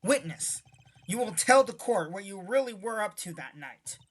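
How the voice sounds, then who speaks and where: A woman's voice: medium pitch, lively intonation, normal speed, lightly acted. A woman voicing an earnest young male defense attorney with a formal, firm courtroom delivery. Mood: stern. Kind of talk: voicing a visual novel playthrough.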